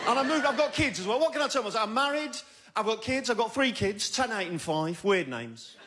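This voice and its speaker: A man's voice: extremely high pitch, lively intonation, fairly quick, pushed and bright. A man from doing a stand-up comedy set, acting out characters in put-on voices. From Yorkshire, England. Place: large theatre with a live audience.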